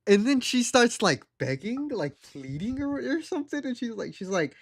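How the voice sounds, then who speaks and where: A man's voice: very high voice, sing-song, normal speed, creaky. A young adult man streaming live, telling a rambling story and laughing at it.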